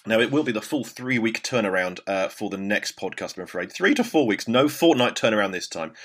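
A man's voice: fairly low pitch, expressive, fairly quick. A man in his forties, host of a comedy podcast, plugging his work in a dry, self-mocking way. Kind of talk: casual comic chat.

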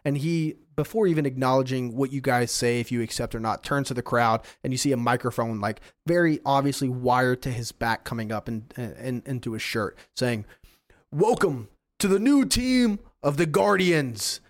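A man's voice: medium pitch, fairly even intonation, a little fast, hardly any pauses, no echo. Man narrating as game master, dry sound. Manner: casual, chatty narration.

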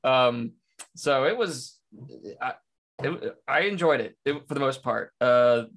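A man's voice: mid-range voice, lively intonation, slow, a bit bright. A man co-hosting a casual podcast chat, talking with lots of fillers, restarts and hesitant starts. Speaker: podcast co-host. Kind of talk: casual chat about motor racing.

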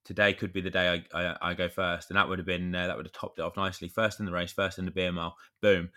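A man in his thirties with a low voice that still sounds bright and forceful. He co-hosts a podcast in casual chat. He tells long, rambling stories with mild swearing. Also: little pitch movement, fast. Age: 30s. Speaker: podcast co-host.

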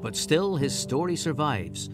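A man giving scripted documentary narration at a measured, deliberate pace. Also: fairly high pitch, big pitch swings, music in the background.

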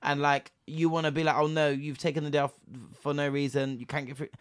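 A man's voice: fairly high pitch, level tone, fast talker, clean tone, no room sound, clean studio sound. A young man telling a story in casual chat, swearing freely and acting out both sides of a phone call.

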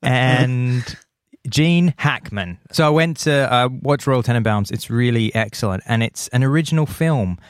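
A man's voice: mid-range voice, a little slow, clear, resonant tone, dry recording, clean studio sound. A man hosting a podcast in casual chat, enthusiastic and playful, often repeating lines for effect. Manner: enthusiastic, repetitive listing, playful. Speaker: podcast host.

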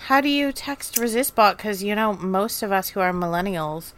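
A woman's voice: medium pitch, animated, normal speed. A woman in her thirties from Oregon, co-hosting a casual chat with wry practical asides. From Oregon, USA. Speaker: podcast co-host.

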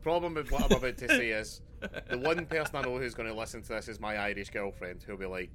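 A man's voice: medium pitch, fast, sharp tone, slight background noise. A Scottish man co-hosting a podcast, chatting casually in a jokey, rambling way and laughing often. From Scotland. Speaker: podcast co-host. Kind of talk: casual chat.

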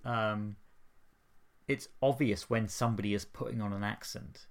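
A man's voice: lowish voice, steady tone, moderate pace, vocal fry. A man co-hosting a podcast, giving wry, opinionated commentary on a TV series. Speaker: podcast co-host. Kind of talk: casual discussion of a TV series.

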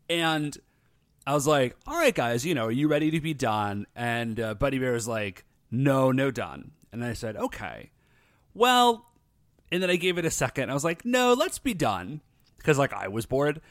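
A man's voice: a little high, normal speed, dry recording, studio quality. A man, a father of toddler twins from the United States, co-hosting a podcast in a casual chat and telling stories with animation and frequent laughter. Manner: animated storytelling, laughs often. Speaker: podcast co-host.

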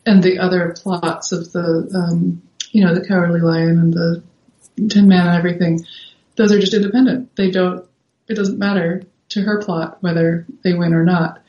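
A woman with a fairly low voice speaks casually as a guest. She thinks aloud and leans on fillers. The sound is roomy and a bit dull. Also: level tone, normal speed, warm tone. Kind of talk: casual conversation.

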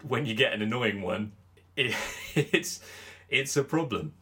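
A man's voice: medium pitch, animated, a little slow, bright, forceful tone. A man hosting a cricket podcast, chatting casually and teasing his co-host with a joking manner. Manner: joking, teasing, mimics commentators. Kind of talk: casual chat.

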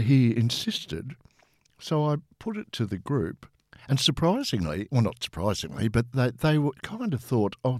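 A man, a podcast guest telling anecdotes in a relaxed, chatty way. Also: lowish voice, no room sound, clean studio sound. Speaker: interview guest, former tour manager. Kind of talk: relaxed storytelling.

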